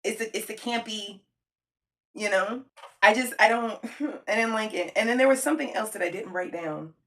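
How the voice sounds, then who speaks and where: A mother making videos delivers a casual, emphatic film review to camera, full of slang, speaking directly to viewers and repeating herself for emphasis. She has a medium pitch, a moderate pace, and a slightly bright tone.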